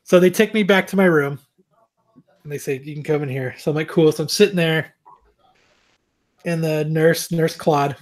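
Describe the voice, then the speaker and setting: A man co-hosting a podcast, telling a long story in a casual, animated, self-mocking way, with plenty of swearing. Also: a little high, normal speed, pauses often. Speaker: podcast co-host.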